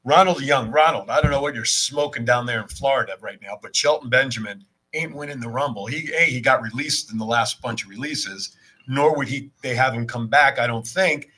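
A man's voice: medium pitch, fairly quick, pushed and bright, breathy edge. A man co-hosting a podcast, chatting casually about wrestling, laughing often and restarting his sentences. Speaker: podcast co-host.

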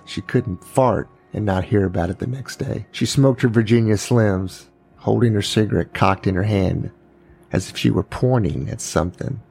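A man narrating a true crime family story as a podcast host, unhurried and pausing, now and then voicing the people in it. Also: fairly low pitch, vocal fry, a little mellow, breathy edge, soft background music.

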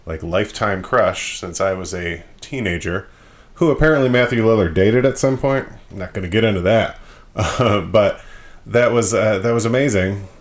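A man from Michigan hosting a podcast in a casual, rambling way, self-deprecating and full of fillers. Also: sits low. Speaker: podcast host.

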